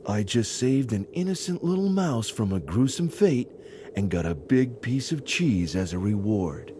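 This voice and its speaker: A man's voice: mid-range voice, sing-song, unhurried, background noise. An actor voicing a sardonic male adventurer in a video game, who speaks in dry, witty remarks. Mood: wry. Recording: game music behind the voice.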